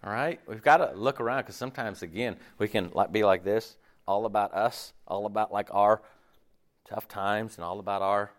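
A man preaching a sermon in an animated way, checking in with his listeners often. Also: lowish voice, normal speed. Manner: animated, acts out quoted voices, checks in with "right?" and "okay?".

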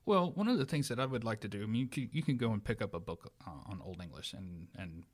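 A man's voice: on the low side, expressive, fast. A man explaining the history of English in an eager lecturing way, often restarting his sentences. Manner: enthusiastic lecturing with many restarts. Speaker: guest expert on English language history. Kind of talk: explanatory academic talk.

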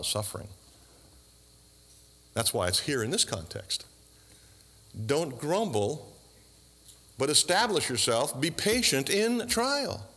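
Animated preaching man in a reverberant hall. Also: mid-range voice. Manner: animated preaching with rhetorical questions and dry asides. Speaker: pastor. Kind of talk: sermon.

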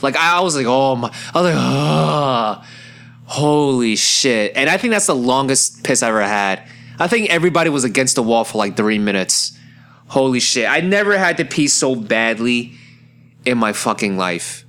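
Young man, casual storytelling, rambling, profane, excitable, mid-pitched voice. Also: fairly quick. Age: young adult.

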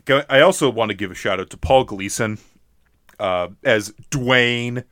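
A man's voice: medium pitch, measured pace, fairly bright tone, no echo, studio quality. Rambling man chatting about movies. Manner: rambling, many restarts and fillers. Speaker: podcast co-host. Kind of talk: casual movie chat.

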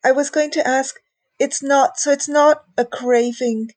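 A woman hosting a conversational interview, curious, frank and relaxed as she asks questions. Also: sits high, a little slow, no room sound. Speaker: interviewer, podcast host.

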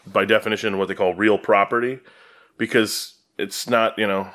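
A man from Wisconsin co-hosting a woodworking podcast, telling stories with jokes and quick laughs. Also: lowish voice, steady tone, fairly bright tone. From Green Bay, Wisconsin, USA. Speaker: podcast co-host. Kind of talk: casual chat.

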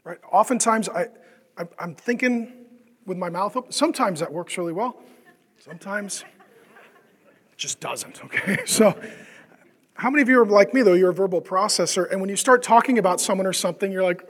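This pastor's conversational sermon has him asking the congregation questions and mimicking the voices of people he describes. His voice sits high and sounds husky and animated at a normal speed, trailed by long reverb.

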